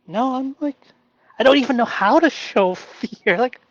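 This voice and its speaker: A man hosting a live stream, talking through his feelings in an earnest, halting way with many fillers. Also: very high voice, expressive, lo-fi sound, slight background noise. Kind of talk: emotional self-reflective live stream.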